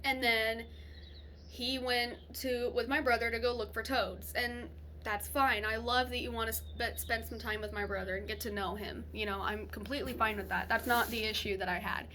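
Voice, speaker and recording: Young woman, vlogger, casual storytelling, animated, fairly high voice, faint background noise. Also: normal speed. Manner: chatty and animated, swears freely, laughs through the story.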